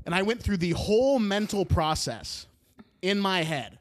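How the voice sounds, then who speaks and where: A man in his twenties casually telling a funny personal story on a podcast, animated, laughing through his words and swearing freely. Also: high-pitched, a little slow. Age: 20s.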